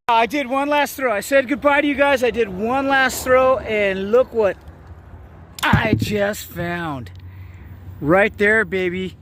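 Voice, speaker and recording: A man casually narrating an outdoor vlog by a lake, upbeat and rambling, with plenty of fillers and excited exclamations. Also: sits high, slight background noise. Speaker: vlogger.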